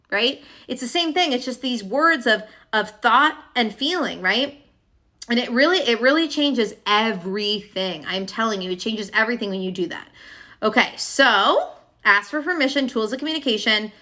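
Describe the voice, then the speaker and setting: Young woman, higher-pitched and bright, chatty coaching vlog delivery, lots of filler tags. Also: normal speed. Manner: chatty and emphatic, full of "like" and "okay?". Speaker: love coach. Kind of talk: casual teaching monologue to camera.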